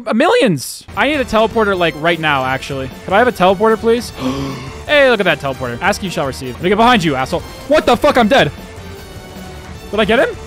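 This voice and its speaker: A young man with a high voice comments on his game live on a home stream, swinging wildly up and down in pitch as he goes. He gets excited fast, swears freely and keeps turning to his chat. Faint game music plays under his desk-mic voice.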